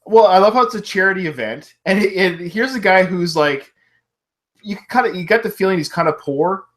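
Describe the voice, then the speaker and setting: A man in his thirties co-hosting a podcast, chatting casually about a film, laughing often and quoting lines with excitement. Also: sits high, moderate pace. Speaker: podcast co-host.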